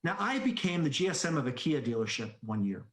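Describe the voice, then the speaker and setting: Sales trainer guy telling stories, animated, echoey room. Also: a little high, brisk. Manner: animated storyteller, jokes and acts out quoted voices. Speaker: automotive sales trainer presenting a webinar. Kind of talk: energetic sales presentation with anecdotes.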